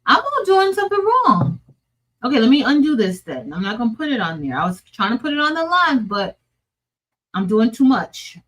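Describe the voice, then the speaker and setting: A woman's voice: fairly high pitch, big pitch swings, moderate pace, a bit bright, low-quality recording. A woman hosting a crafting livestream, chatting casually and muttering to herself as she works, with frequent laughs. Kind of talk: casual think-aloud crafting stream.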